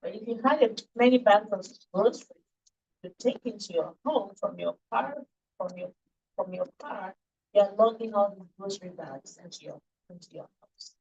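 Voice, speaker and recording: Woman instructor, mid pitch, patient classroom lecture with playful questions to students. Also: normal speed, darkish tone, breathy edge, muffled recording. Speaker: early childhood education instructor.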